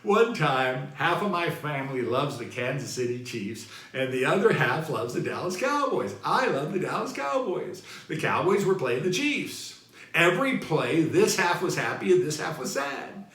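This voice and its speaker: A man's voice: on the high side, big pitch swings, normal speed, a bit bright. A man giving a motivational talk, stressing and repeating his key phrases. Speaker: motivational speaker. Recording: roomy echo.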